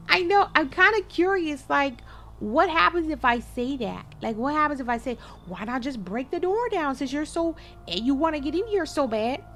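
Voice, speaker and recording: A woman giving casual gameplay commentary, animated and chatting straight to her viewers with quick exclamations. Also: high-pitched, slight background noise. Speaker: gaming video creator.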